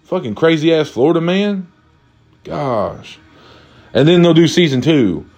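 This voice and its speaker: A young vlogger from Kentucky rambles through a funny, profane rant, swearing constantly and packing in "likes," fillers, and restarts. His voice is a little high and lively in intonation, at a measured pace, with a darkish tone and the highs cut off.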